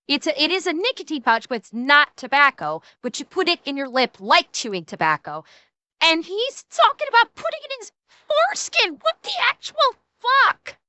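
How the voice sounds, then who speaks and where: A high-pitched woman streamer chats through a reaction video, rambling, laughing and swearing freely. Her voice is bright and sharp, recorded dry and close. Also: no echo. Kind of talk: casual reaction commentary.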